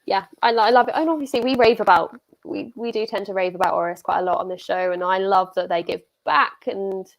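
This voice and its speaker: A woman's voice: medium pitch, fairly even intonation, a little fast, creaky, hardly any pauses. A young British woman co-hosting a casual chat, enthusiastic and full of fillers. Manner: chatty, filler-heavy, enthusiastic. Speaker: co-host.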